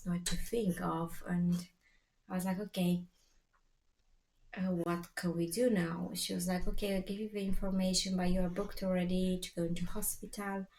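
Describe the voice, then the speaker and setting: A woman with a lowish voice recounts her family's story in a casual vlog. She speaks haltingly, with many fillers and restarts, and quotes the people she talked to. The sound is echoey, with a faint hiss of noise behind her. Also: little pitch movement, darkish tone.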